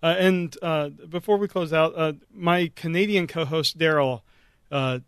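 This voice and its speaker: A man hosting a podcast interview, asking questions in a relaxed, conversational way. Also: fairly high pitch, unhurried, clean tone, dry recording, studio quality. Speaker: podcast host. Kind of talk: casual interview.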